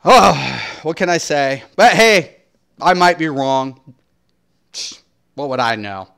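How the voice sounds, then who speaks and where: A man's voice: fairly high pitch, expressive, slow pace, gravelly, fairly bright tone, smooth. A man streaming and ranting commentary in a blunt, profane, swaggering way. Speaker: game streamer.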